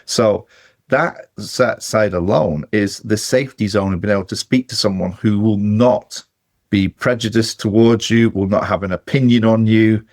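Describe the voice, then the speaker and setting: A man who hosts a podcast and works as a therapist, speaking in a reflective, measured way and slowing down to stress his points. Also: on the low side, darkish tone, no echo, studio quality. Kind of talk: podcast interview.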